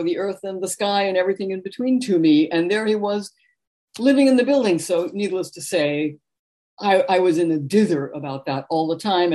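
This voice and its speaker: Animated middle-aged woman telling stories. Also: lowish voice. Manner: animated anecdotal storyteller, warm laughs. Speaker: author and interview guest. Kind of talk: conversational interview storytelling.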